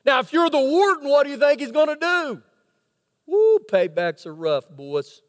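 Male pastor with a very high voice; dramatic sermon storyteller, recorded with long church-hall reverb. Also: big pitch swings, normal speed. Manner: dramatic storytelling with rhetorical questions. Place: church sanctuary.

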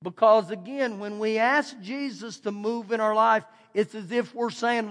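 A man's voice: high-pitched, measured pace, few pauses, a bit bright, big-room sound. A man preaching a sermon as pastor, in a conversational way that acts out the quoted voices. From Texas, USA. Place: church sanctuary.

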